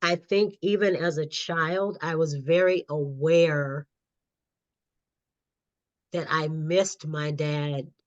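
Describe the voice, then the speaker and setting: Speaking slowly with long pauses, a middle-aged woman keeps a low voice and steady tone as she animatedly shares her story and laughs often. She's a guest author and counselor on a podcast interview. The recording is dry, lo-fi, and slightly dull.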